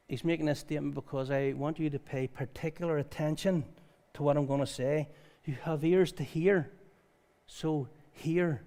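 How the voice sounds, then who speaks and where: Man preaching with a higher voice. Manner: lively storytelling, reads scripture aloud. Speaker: pastor. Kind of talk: conversational sermon. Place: church service.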